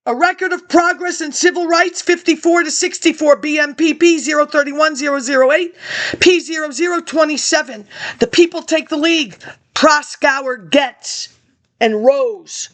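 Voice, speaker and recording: A woman's voice: high-pitched, moderate pace. A woman ranting about politics to an absent audience, confrontational and accusing, jumping from topic to topic.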